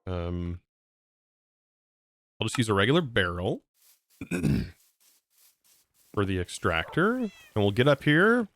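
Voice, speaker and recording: A man's voice: medium pitch, fairly bright tone. A man livestreaming a game, chatting casually to his viewers as he narrates each move he makes. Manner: chatty, narrates his moves and talks to chat. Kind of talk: live gameplay commentary.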